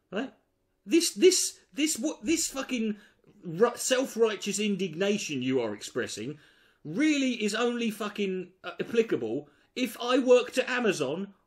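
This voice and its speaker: Sarcastic man mocking a video. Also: high-pitched. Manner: mocking, sweary, exasperated. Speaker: commentary host. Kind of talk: sarcastic reaction commentary.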